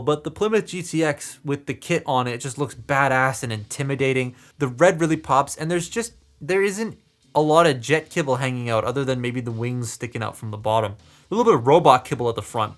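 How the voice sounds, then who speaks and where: A man's voice: medium pitch, a little fast. Guy doing a chill toy review, talks you through each fold, normal middle voice. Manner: talks through each step while handling a toy, relaxed and chatty. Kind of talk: casual hands-on toy review.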